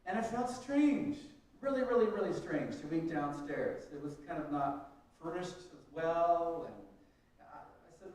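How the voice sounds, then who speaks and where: A man's voice: a little high, expressive, measured pace. Man preaching in an echoey church. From Canada. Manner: vivid first-person storytelling, swings from hushed to emphatic. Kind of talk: storytelling sermon. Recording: echoey church room, mic at a distance.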